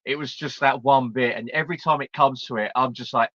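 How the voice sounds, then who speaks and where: Man, bright voice, dull lo-fi sound, casual stream host, swears and laughs. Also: medium pitch, fairly even intonation, moderate pace, dry recording. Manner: swearing, laughing, mimicking film lines. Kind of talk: casual chat on a live stream.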